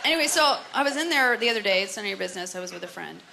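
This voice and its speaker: A woman's voice: medium pitch, lively intonation, racing, creaky. Woman doing stand-up in a noisy club. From Canada. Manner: chatty, self-deprecating, voices for characters. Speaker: stand-up comedian. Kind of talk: stand-up comedy set. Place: comedy club stage with audience laughter. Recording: noisy live club recording.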